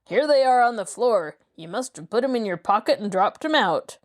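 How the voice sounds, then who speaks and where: A woman's voice: fairly high pitch, expressive, moderate pace, close to an everyday voice. A woman voicing a quarrelsome male robber in an audiobook, needling and accusing the others. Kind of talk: audiobook character voice.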